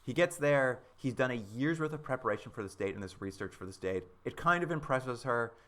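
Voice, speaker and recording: A man's voice: medium pitch, fairly quick. A man co-hosting a podcast, casually recapping a TV episode with sarcastic asides and acted-out quotes. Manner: animated, sarcastic, acts out quotes. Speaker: podcast co-host.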